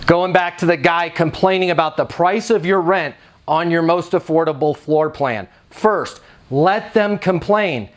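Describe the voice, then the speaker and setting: A man, around his thirties, training property managers in a punchy, emphatic coaching style, acting out quick dialogue examples. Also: fairly high pitch, steady tone. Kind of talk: energetic coaching talk to camera.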